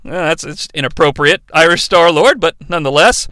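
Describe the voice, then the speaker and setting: A man's voice: fairly high pitch, a little fast, hardly any pauses, pushed and bright, no echo. A young man hosting a comedic bad-movie recap, sarcastic, profane and rambling. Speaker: host, bad-movie reviewer.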